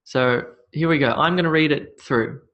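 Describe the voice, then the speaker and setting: Speaking at a normal speed with a fairly high, fairly bright voice, a man teaches English pronunciation in a spoken lesson. He repeats words while shifting the stress and laughs when he slips up.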